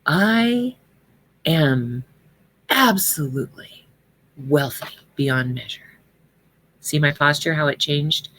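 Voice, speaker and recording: A woman teaching a class on prosperity affirmations in a casual, earnest way, with many fillers. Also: lowish voice. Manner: chatty and earnest, with many fillers and occasional laughs.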